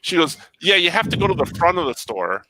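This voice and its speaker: A man's voice: fairly high pitch, big pitch swings, fairly quick, noisy background. A man telling a long story in casual chat, acting out both sides of the conversation.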